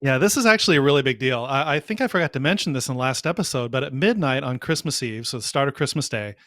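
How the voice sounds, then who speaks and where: A man's voice: medium pitch, lively intonation, fast, a bit bright, no echo, studio quality. A man co-hosting a podcast, explaining things in detail with enthusiasm in a casual chat. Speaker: podcast co-host.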